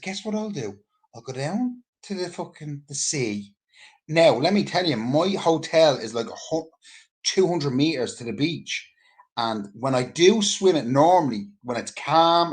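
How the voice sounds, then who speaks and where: A man with an Irish accent telling a casual anecdote in an animated, rambling way, full of swearing. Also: on the high side. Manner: animated, profane, rambling storyteller.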